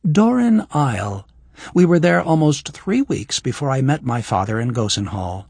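A man voicing a frank, wry young woman healer in an audiobook, his voice lifted higher for her. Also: moderate pace, gravelly, breathy edge, dry recording, full character voice. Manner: raised voice for a woman, expressive.

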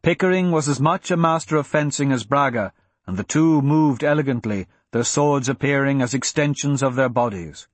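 Husky male audiobook narrator. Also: medium pitch, moderate pace, no room sound. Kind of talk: scripted fantasy narration.

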